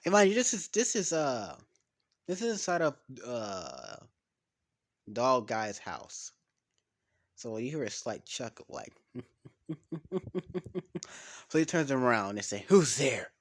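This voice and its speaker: Slow rambling man telling a story. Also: mid-range voice. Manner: rambling, swears, loses track of names. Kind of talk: casual improvised storytelling.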